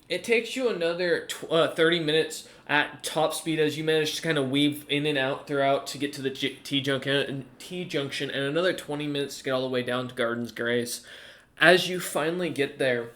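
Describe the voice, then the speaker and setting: A man's voice: fairly high pitch, fairly quick, bright, forceful tone. Hesitant man narrating a tabletop game. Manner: hesitant, full of fillers and restarts. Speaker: game master.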